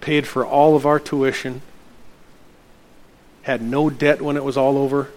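A man's voice: mid-range voice, flat delivery, unhurried, darkish tone. A middle-aged man, a pastor telling a personal story from the pulpit in a sermon and acting out the dialogue.

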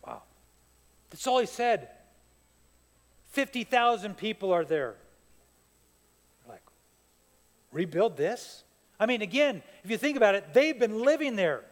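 High-voiced preacher in a reverberant hall. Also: male voice, normal speed, pauses often. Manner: animated storytelling, rising to fired-up peaks. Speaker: pastor. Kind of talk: sermon.

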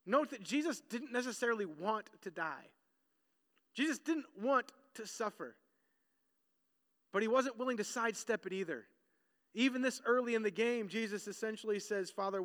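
A man preaching a sermon with animated delivery, acting out the voices of the crowd. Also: very high voice, big-room sound. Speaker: pastor.

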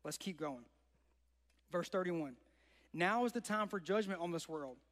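High-voiced young man preaching in a hall. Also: lively intonation, a little slow, fairly bright tone. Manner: conversational, asks the listeners rhetorical questions. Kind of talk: sermon. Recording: long hall reverb.

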